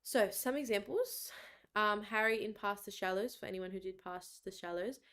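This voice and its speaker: A young woman with an Australian accent giving a casual revision lecture, chatty and laughing between points, with "like" and "low-key" all through. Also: normal speed, fairly bright tone. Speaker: exam revision presenter.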